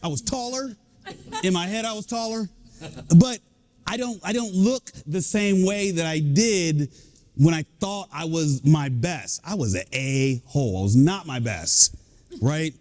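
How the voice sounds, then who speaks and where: A man, an executive coach and leadership speaker, giving a lively, joking talk to a live audience. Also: a little high, a little slow. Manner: lively, joking, animated delivery.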